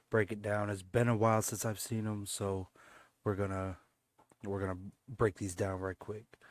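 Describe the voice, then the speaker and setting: A man's voice: on the low side, darkish tone, dry recording. A laid-back man hosting a casual reaction video, often repeating himself and chuckling. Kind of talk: casual chat.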